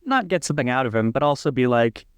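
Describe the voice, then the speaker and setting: Rambling podcast co-host, dry sound. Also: male voice, medium pitch, very animated, fast talker, smooth, dry recording. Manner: rambling, joking, with many restarts. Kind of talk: casual chat.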